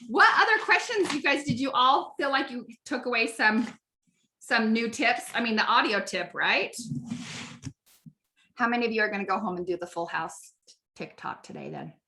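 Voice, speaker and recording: Bright, upbeat woman coaching online. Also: fairly high pitch, animated, fairly quick, a little hiss or hum. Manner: upbeat, chatty, lots of "like" and "right?". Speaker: network marketing success coach. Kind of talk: live online coaching session.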